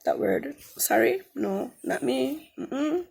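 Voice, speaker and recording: A woman's voice: sits high, expressive, slow pace, gravelly, a little mellow, husky. A woman giving an earnest spoken Christian testimony, repeating phrases for emphasis. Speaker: testimony speaker.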